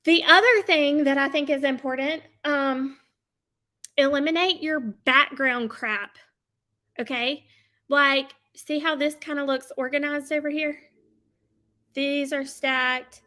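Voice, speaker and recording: A woman's voice: high voice, bright, forceful tone. A woman hosting a casual live stream from her home desk, chatty and upbeat, laughing often and tagging nearly every sentence with "okay?". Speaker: host coaching online sellers.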